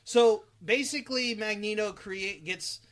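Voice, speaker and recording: A man co-hosting a casual podcast, talking about movies in an animated, opinionated way and swearing freely. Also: sits high, measured pace. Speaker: podcast co-host.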